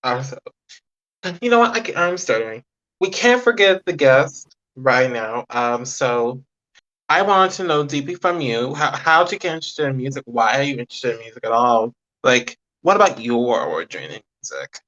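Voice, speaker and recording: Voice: mid-range voice, animated, normal speed, pushed and bright, lo-fi sound. A host in a casual interview, asking questions in a playful, stumbling way and correcting themselves. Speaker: podcast host.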